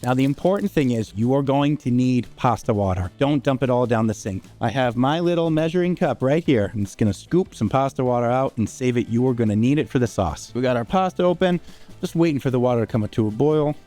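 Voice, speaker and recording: A man's voice: mid-range voice, expressive, brisk, mellow. A man hosting a home cooking demonstration, talking casually and tossing in "all right?" asides as he cooks in his kitchen. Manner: chatty, informal, with frequent "all right?" asides.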